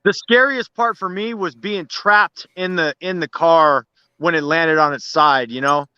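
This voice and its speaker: A man's voice: a little high, measured pace, bright, forceful tone, smooth, dry recording, highs cut off. A man chatting as a guest from outdoors in the cold, laid-back and sweary, with "you know what I mean" in many of his lines. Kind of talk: casual chat.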